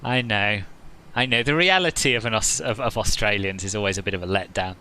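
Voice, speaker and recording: A man's voice: lowish voice, brisk, sharp tone, slight background noise, poor audio. A man chatting casually as he streams a flight simulator session, joking with viewers and often laughing at himself. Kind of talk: casual live-stream commentary.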